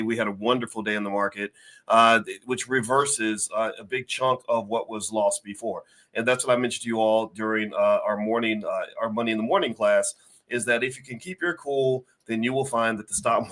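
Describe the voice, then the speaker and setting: A man's voice: lowish voice, fairly bright tone. A middle-aged man, a finance professor, hosting a livestream and talking to his chat in a folksy, preachy way, full of fillers and little acted-out scenes. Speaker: finance professor and show host. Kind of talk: livestream talk to chat viewers.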